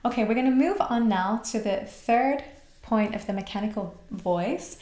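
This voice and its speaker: A woman from Australia teaching a voice class, guiding the breath with calm, slow cues. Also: on the high side. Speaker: voice and mantra teacher. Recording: roomy echo.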